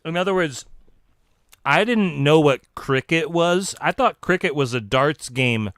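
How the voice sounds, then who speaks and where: A man holds forth on a live stream in a playful, mock-serious lecturing tone, often stopping and restarting his sentences. His voice sounds smooth and clear, and it is picked up dry and close on a desk mic. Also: on the high side, lively intonation, measured pace, a bit bright, no echo. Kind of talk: casual live stream rambling.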